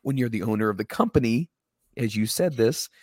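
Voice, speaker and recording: A man's voice: mid-range voice, animated, fairly quick, no room sound. Questioning man with a dry close sound. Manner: probing, questioning, builds arguments. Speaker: podcast co-host. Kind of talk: casual wrestling chat.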